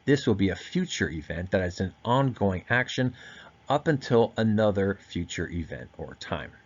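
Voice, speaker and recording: A man giving a recorded grammar lesson, explaining step by step and slowing down to stress key words. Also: deep voice, big pitch swings, muffled recording. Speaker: teacher.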